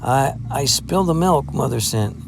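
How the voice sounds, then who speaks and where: A hearty young farm lad, played by a male narrator, pitched up higher and brighter than the reader's own voice. He calls out good-naturedly but trips over his words when embarrassed. A storybook character read aloud. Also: expressive, measured pace, background noise. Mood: bashful. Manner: hearty, then stammering and embarrassed. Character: cheerful bashful farm lad, about twenty.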